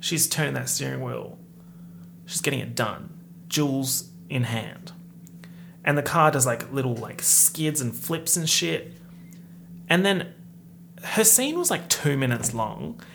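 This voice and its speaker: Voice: medium pitch, expressive, measured pace, vocal fry, pauses often, fairly bright tone, slight background noise. A movie reviewer giving a comedic rant in a sarcastic, exasperated manner, swearing freely.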